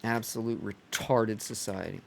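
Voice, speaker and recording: A man's voice: fairly low pitch, steady tone, unhurried, creaky, a little hiss or hum. A man ranting heatedly and profanely during a game live stream, sometimes mocking others in put-on voices. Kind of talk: live-stream rant while gaming.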